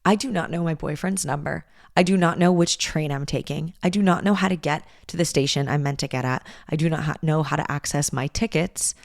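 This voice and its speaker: A young woman hosting a podcast, telling a personal story in a candid, animated way and swearing freely. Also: low-pitched, a little fast, vocal fry, few pauses, no echo, clean studio sound. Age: young adult. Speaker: podcast host. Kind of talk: casual storytelling monologue.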